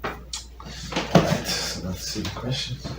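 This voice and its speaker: Halting man teaching a class in an echoey room. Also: deep voice. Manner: halting, many fillers and restarts. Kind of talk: informal Torah lesson. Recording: echoey room with faint noise.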